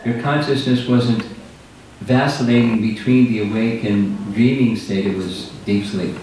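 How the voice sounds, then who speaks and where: A man's voice: mid-range voice, steady tone, a little slow, a little mellow. An older man, a spiritual teacher, explaining ideas in a thoughtful, patient way during a lecture with audience questions. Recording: roomy hall, distant mic, faint noise.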